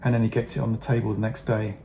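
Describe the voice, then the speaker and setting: A man's voice: on the low side, flat delivery, fast talker, dark tone, slight background noise. A middle-aged man chatting casually while he paints miniatures, rambling with many fillers, wry asides and the odd swear word. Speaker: hobby vlogger painting miniatures.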